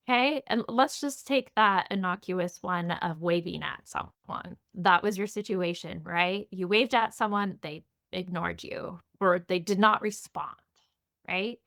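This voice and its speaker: A woman's voice: mid-range voice, creaky, fairly bright tone. A woman teaching a mindfulness class, talking in a conversational way and asking her listeners many guiding questions. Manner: conversational, asks many guiding questions, frequent "you know" and "right". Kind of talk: recorded class lecture.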